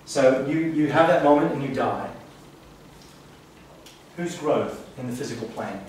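Before an audience in an event room, a man delivers a spiritual talk in an earnest, reflective teaching tone. His medium-pitched voice is animated yet unhurried, and the recording carries room echo, a distant mic, and faint hiss.

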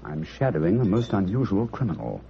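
A deep-voiced, quick, lively sleuth; vintage radio drama. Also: male voice, a little hiss or hum, exaggerated voice. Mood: confident. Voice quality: crisp, confident, explaining. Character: Sherlock Holmes, brisk brilliant detective. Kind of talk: 1940s radio acting. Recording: dull old radio recording.

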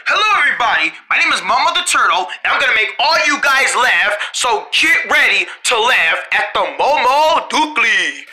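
A performer voicing Momo, an excitable, whiny turtle who wants to be a comedian, in a homemade cartoon. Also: mid-range voice, moderate pace, few pauses, faint music behind. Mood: showy. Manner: whiny, excitable, prone to yelling.

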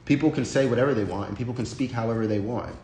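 A man's voice: medium pitch, very fast, dark tone. A man hosting a casual livestream and talking bluntly and profanely, rambling with frequent restarts. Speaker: livestream host. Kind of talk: casual unscripted livestream rant. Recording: roomy echo.

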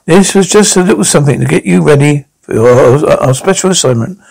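A man's voice: a little high, lively intonation, a little fast, gravelly, darkish tone, husky, exaggerated voice. A man voicing a kindly older vampire grandfather who cheerfully leads children through a dance in a cartoon. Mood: warm.

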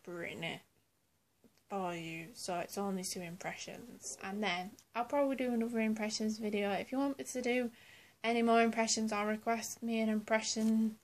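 A woman talking casually to camera as a video blogger, chatty and full of fillers. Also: fairly high pitch. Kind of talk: casual vlog talk to camera.

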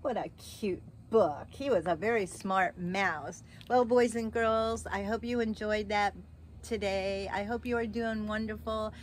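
A woman reading a picture book aloud to children with gentle, expressive narration and chatty asides. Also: medium pitch, a little slow, a little hiss or hum. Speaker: storyteller for children.

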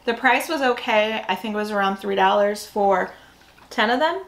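Woman, snack review host, casual chat, chatty, thinks aloud, mid pitch. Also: normal speed, vocal fry, poor audio.

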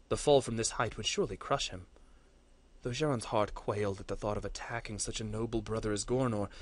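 Brief: male instructor, mid-pitched, earnest read-aloud of fantasy fiction. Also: dry recording. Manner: earnest, steady storytelling with occasional slips. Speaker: course instructor. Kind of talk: reading a fantasy story aloud.

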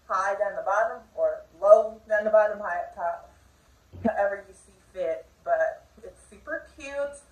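A young woman chatting casually through a clothing try-on haul at home, bubbly and full of filler words. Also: mid-range voice. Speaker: fashion vlogger. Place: home room. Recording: echoey room audio, distant mic.

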